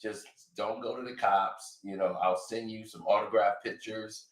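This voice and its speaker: A man putting on an impression of a famous rapper who is calm, evasive and soft-spoken, in an echoey room. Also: lightly acted. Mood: pleading. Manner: low, subdued, measured.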